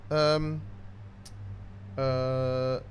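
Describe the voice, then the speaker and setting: A gaming channel host casually comments on his gameplay, joking around and muttering as he reads through menus. His medium-pitched voice is smooth, level and very slow.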